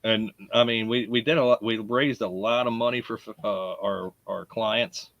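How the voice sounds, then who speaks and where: Chatty Baltimore host, dry close mic. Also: male voice, fairly low pitch, steady tone, normal speed, a bit bright, no room sound, dull audio. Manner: chatty, laughing, greets chat readers by name. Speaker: podcast host. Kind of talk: casual live podcast chat.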